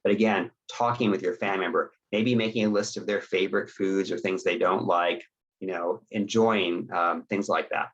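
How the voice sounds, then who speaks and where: A deep, husky-voiced middle-aged man gives an instructional webinar talk. He speaks conversationally and keeps checking in with his listeners. The audio is dull and lo-fi. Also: fairly even intonation, moderate pace, fairly bright tone. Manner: conversational, checks in with "okay?" and acts out sample dialogues. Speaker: webinar presenter.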